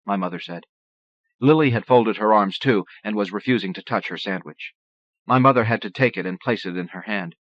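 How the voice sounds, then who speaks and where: A male audiobook narrator with a low voice reads in a steady, measured way. The sound is dry, with no room around it. Its muffled, lo-fi tone recalls old cassette audio. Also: dry recording.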